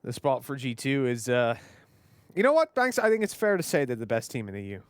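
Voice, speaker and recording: Animated male esports color caster. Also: mid-range voice, brisk, clean tone, no echo. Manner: animated, laughs often, joking storyteller. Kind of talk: live esports commentary.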